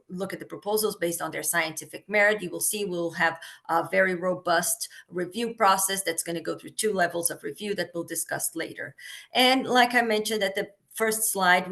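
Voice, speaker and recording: A woman's voice: on the low side, pushed and bright. A woman, a research funding program manager, presenting a webinar and explaining things step by step with frequent "um" fillers. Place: remote webinar.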